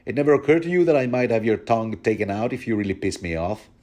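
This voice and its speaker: A man's voice: mid-range voice, quick pace, dark tone, natural voice. A man voicing a stern, short-tempered male king who scolds in clipped, repeated words. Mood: menacing.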